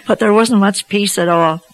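A woman telling a personal faith story to an audience, slow and reflective with gentle humour. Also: lowish voice, no room sound, poor audio. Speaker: speaker giving a faith testimony.

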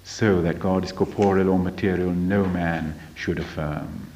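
Slow, deliberate man lecturing. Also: low-pitched, steady tone, darkish tone, a little hiss or hum. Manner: deliberate, emphatic, asks rhetorical questions. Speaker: religious study teacher. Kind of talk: slow lecture on a spiritual text. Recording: dull lo-fi recording.

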